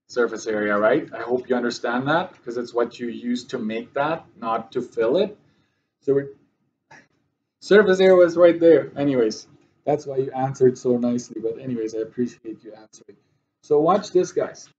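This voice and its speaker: A man's voice: medium pitch, moderate pace, a little mellow, lo-fi sound, slight background noise. A male math teacher giving a classroom lesson, often checking that his students follow.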